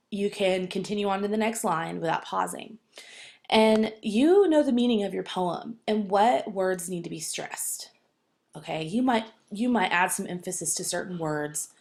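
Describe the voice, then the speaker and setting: A woman teacher walks her students through an assignment, clear and firm but encouraging. Her voice sits a little low, and she keeps checking in with a quick "okay" between points. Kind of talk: classroom assignment instructions.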